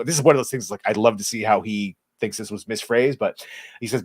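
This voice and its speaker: A man co-hosting a podcast in loose, profane chat with a sarcastic, rambling delivery. His voice sits in an ordinary middle pitch. The sound is dry and close. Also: brisk, no echo. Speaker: podcast co-host. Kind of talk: casual chat.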